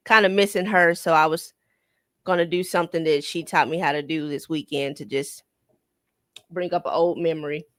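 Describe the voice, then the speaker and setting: Soft-spoken woman with a Memphis accent. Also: low voice, steady tone, normal speed, no echo, studio quality. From Memphis, Tennessee. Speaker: radio show co-worker. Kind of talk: casual chat.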